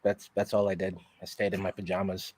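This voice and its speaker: An American man chatting in a relaxed, quietly enthusiastic way on a live video call. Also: deep voice, brisk. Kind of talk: casual chat.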